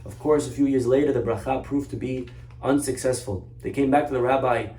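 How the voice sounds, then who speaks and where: A man's voice: medium pitch, steady tone, brisk, mellow. A man, a rabbi, teaching a Torah class through an earnest story. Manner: earnest, story-driven, exhorting. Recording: roomy echo, far from mic.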